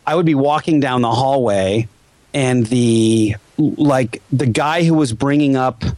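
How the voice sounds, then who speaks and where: Animated man in his forties, storytelling. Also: mid-range voice, unhurried, no echo. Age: 40s. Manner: animated, acts out quoted voices. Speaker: podcast host. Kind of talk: casual storytelling chat.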